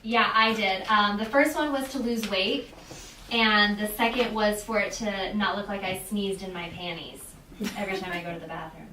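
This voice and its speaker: A woman's voice: medium pitch, steady tone, moderate pace, pushed and bright. A woman in a comedy class, candid and sharing a joke she remembers. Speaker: comedy student. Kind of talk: casual class discussion. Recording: echoey room, far from mic, faint noise.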